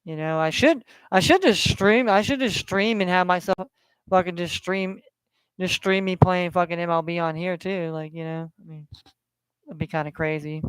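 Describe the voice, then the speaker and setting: A man's voice: sits high, normal speed, fairly bright tone, smooth, no echo. A man from California hosting a casual sports betting stream, rambling and swearing as he repeats himself. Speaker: sports betting podcast host.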